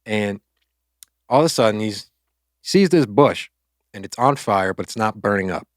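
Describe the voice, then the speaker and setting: A man co-hosting a faith podcast, casually retelling a Bible story in loose, chatty speech, with quick asides and quoted lines. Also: lowish voice, lively intonation, no echo, studio quality. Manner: loose, conversational, acts out quotes with filler words. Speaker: podcast co-host.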